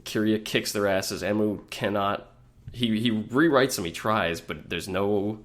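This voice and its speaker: A man's voice: lowish voice, measured pace, a bit bright. A man co-hosting a podcast, recapping an episode in a rambling, profane, laughing way. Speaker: podcast co-host. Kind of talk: casual recap chat.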